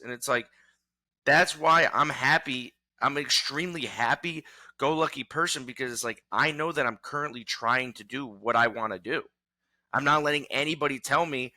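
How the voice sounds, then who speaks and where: Young male guest, amped and swearing freely, sharp bright tone, mid pitch. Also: fairly quick, no echo. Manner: fired-up, profane, rambling with restarts. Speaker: podcast guest, former college wrestler. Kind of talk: casual interview talk.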